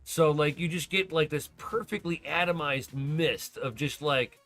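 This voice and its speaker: A man hosting a podcast in casual chat, telling stories excitedly, swearing a lot and laughing often. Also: fairly high pitch, unhurried, soft background music. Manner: profane, excitable storyteller who laughs often. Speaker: podcast host.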